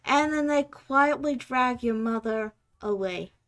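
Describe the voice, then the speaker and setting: A woman's voice: fairly high pitch, slow pace, fairly bright tone. A woman narrating as game master of a tabletop game, voicing the characters. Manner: voices many characters.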